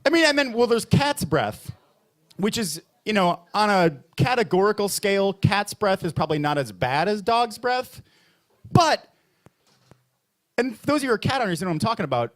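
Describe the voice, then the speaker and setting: A man's voice: sing-song, moderate pace. A man hosting a bar comedy open mic, rambling through a stand-up bit with lots of fillers and restarts, jumping into mock voices for the punchlines. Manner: jumps into high mock voices and low pompous voices for bits.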